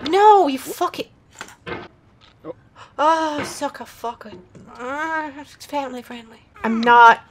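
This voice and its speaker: A young woman giving loud, profane, self-mocking commentary while playing a game. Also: high voice, takes it slowly, long pauses. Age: young adult. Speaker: gaming video host. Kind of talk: profane let's-play commentary.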